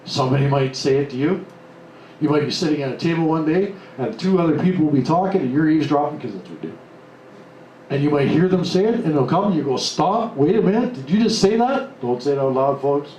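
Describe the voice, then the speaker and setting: A man giving a live motivational talk to an audience, blunt and animated, acting out the lines he quotes. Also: on the high side, fast talker. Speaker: motivational speaker. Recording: echoey room, mic at a distance, faint noise.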